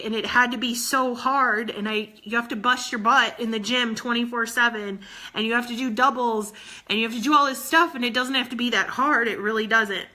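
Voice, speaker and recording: A woman's voice: fairly high pitch, bright, forceful tone. A woman in her thirties, a fitness coach, talking earnestly to her team while close to tears, often repeating herself. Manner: earnest, tearful, repeats phrases. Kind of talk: emotional motivational talk to her team.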